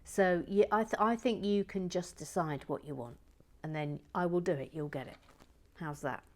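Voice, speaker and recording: A woman's voice: on the low side, moderate pace. A woman chatting casually to herself while building LEGO, wry and talkative as she reads out viewer comments.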